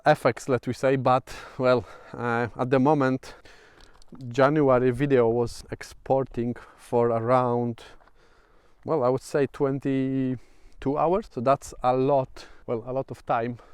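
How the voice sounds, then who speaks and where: Man with a Polish accent, casual vlogger, halting delivery full of fillers, smooth voice, dry close sound. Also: medium pitch, little pitch movement, darkish tone, dry recording. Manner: hesitant, many fillers and restarts. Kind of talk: casual vlog monologue. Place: outdoors at sunset.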